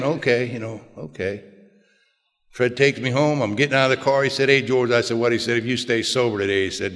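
An older man telling a plainspoken personal recovery story to a group, in a folksy way with quiet low asides. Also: a little fast. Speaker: recovery speaker. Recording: long hall reverb.

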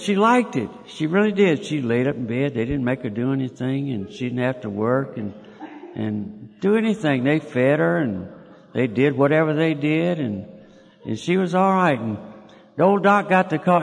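A man's voice: on the high side, creaky. Folksy older man telling a story. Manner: folksy, chuckling storyteller with many restarts. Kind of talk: personal storytelling talk. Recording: long hall reverb.

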